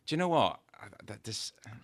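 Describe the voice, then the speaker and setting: A man's voice: lowish voice, fairly quick, no room sound. A middle-aged man, a podcast guest telling casual anecdotes, acting out the dialogue and laughing often. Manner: lively storyteller, acts out dialogue, laughs often. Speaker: guest, tattoo artist.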